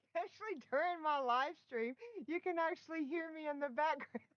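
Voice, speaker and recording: A middle-aged woman chats with viewers on a casual live stream from home, giggly and often bursting into laughter. Her high-pitched voice moves at normal speed, picked up by a built-in laptop microphone with no room sound and dull audio.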